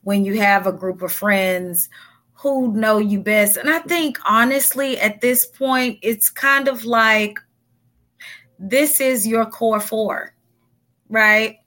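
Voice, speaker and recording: A woman's voice: a little high, takes it slowly, sharp tone. A woman hosting a casual podcast chat, leading the group with questions. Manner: leads the discussion, asks the group questions. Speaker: podcast host.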